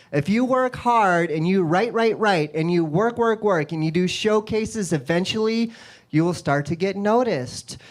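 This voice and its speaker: A comedian from Colorado doing an energetic, self-mocking stand-up set on a club stage. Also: female voice, medium pitch.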